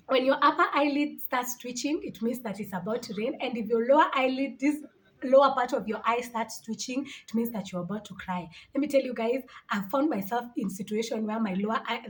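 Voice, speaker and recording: Animated young woman vlogger, high voice. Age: 20s. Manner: animated, laughing, exclaiming in disbelief. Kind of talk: casual storytelling to camera.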